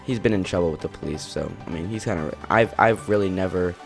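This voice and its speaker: A man's voice: sits low, fast, creaky, soft background music. A teenage boy vlogger, just woken up, telling a rambling story in casual speech full of restarts and quoted dialogue. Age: teens. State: just woke up.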